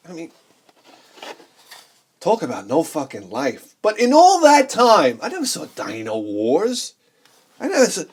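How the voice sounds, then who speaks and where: A man in his forties, a game collector telling rambling childhood stories while showing his games, laughing often and acting out the people he quotes. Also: on the high side. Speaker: video game collector vlogger.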